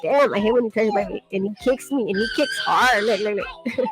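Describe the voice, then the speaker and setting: A woman's voice: mid-range voice, brisk, over music. A woman, a mother, talking casually in a vlog, chatty and exasperated as she scolds her toddler. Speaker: mother and vlogger.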